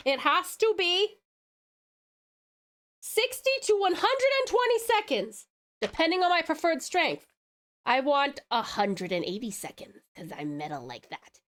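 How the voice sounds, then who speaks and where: Bubbly high-voiced woman streamer. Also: big pitch swings, slow, long pauses, a bit bright. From Tasmania, Australia. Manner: bubbly, showers chat with pet names. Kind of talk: casual live-stream chat.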